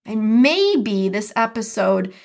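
A woman hosting her own podcast and talking alone, earnest and reflective, drawing out key words slowly for emphasis. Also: medium pitch, big pitch swings, gravelly, a little mellow. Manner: earnest, reflective, speaks with slow emphatic stresses. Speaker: podcast host. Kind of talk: solo podcast commentary.

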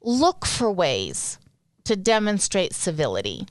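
Earnest, smooth-voiced woman podcast co-host. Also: lowish voice, huge pitch swings, slow pace, no room sound. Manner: reflective, earnest, talks in long winding sentences. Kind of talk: casual chat.

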